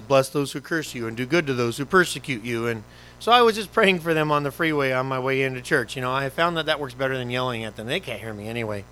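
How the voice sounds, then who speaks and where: A man preaching a conversational sermon as pastor, animated and full of rhetorical questions. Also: medium pitch, a little hiss or hum, rough recording.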